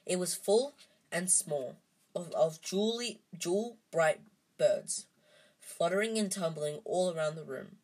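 A woman's voice: fairly low pitch, unhurried, darkish tone, slightly rough, poor audio. A woman reading a storybook aloud in an unpolished way, stumbling and restarting often. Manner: unpolished, frequent restarts and ums.

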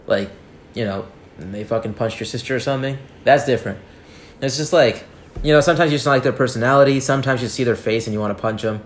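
A man's voice: medium pitch, fast talker, a little hiss or hum. A young man chatting casually on a podcast with dry, joking banter. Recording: echoey room with faint background ambience.

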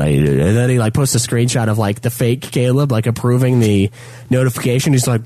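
A man co-hosting a podcast, ranting profanely in casual chat, his voice jumping high when he gets worked up. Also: a little fast, dark tone, no echo. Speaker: podcast co-host.

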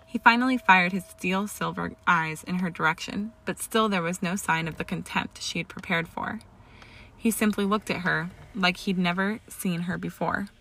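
A woman's voice: lowish voice, normal speed, creaky, sharp tone. A woman steadily reading fan fiction aloud as storybook narration, with an occasional stumble. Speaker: reader.

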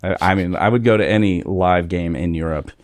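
A man hosting a podcast, easygoing and quick to laugh. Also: low-pitched, no room sound. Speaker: podcast host. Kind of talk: casual interview chat.

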